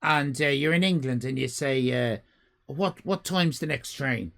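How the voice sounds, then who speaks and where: A man's voice: unhurried, vocal fry. An Irish man live-streaming, reading out chat and ranting comically, swearing freely. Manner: animated comic ranting, swears freely, big pitch jumps.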